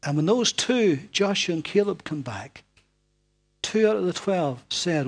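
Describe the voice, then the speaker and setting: Husky, dramatic preacher man. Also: sits high, animated, a little slow. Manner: dramatic, swinging from loud emphasis to hushed near-whispers. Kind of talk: sermon.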